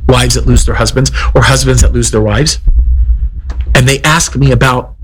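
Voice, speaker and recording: A middle-aged man preaching a sermon as pastor, emphatic and explanatory, his voice climbing high for emphasis. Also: breathy edge, low-quality recording. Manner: emphatic preaching, pitch swings up when quoting.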